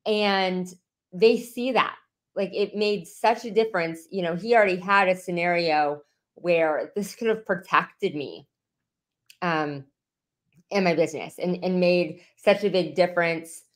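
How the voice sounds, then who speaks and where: A woman hosting a podcast interview, chatting casually and enthusiastically with fillers. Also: mid-range voice. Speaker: podcast host.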